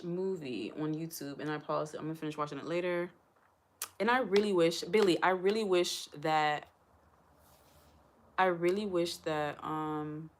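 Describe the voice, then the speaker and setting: A woman talks straight to her livestream viewers in a chatty, emotional way. Her voice sits a little low, and she sounds close to tears. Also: a bit bright. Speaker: livestream host. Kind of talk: casual livestream chat.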